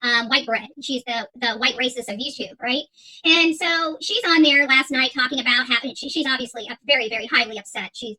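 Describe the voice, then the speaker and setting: Woman, high voice, heated monologue, defiant, repeats herself, lots of ums. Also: a little fast, sharp tone, husky, poor audio. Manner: defiant, repetitive, hesitant with many fillers. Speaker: YouTube channel host.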